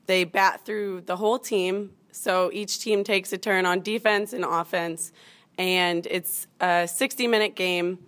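A woman's voice: fairly low pitch, fairly even intonation, measured pace, fairly bright tone. Bubbly young woman. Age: young adult. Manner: bubbly, with many fillers. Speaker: student athlete, softball player. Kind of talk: interview before a live audience.

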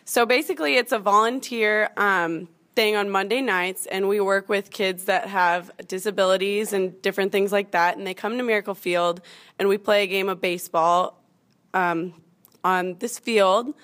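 A woman's voice: mid-range voice, steady tone, normal speed, a bit bright. A young woman with a mid-range voice answers questions in a bubbly, chatty way. She leans on fillers as she explains things. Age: young adult. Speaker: student athlete, softball player. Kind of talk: interview before a live audience.

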